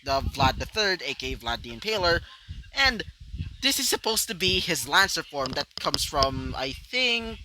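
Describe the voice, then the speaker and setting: A young man improvising a fan fiction story, rambling with many fillers and side rants. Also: on the high side. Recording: loud background noise.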